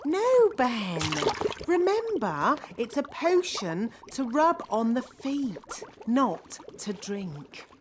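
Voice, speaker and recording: A woman voicing a bossy, cheerful fairy nanny in a cartoon, talking in a brisk, fussy and self-assured way. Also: high-pitched, big pitch swings, background noise, heavily acted. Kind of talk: cartoon voice acting.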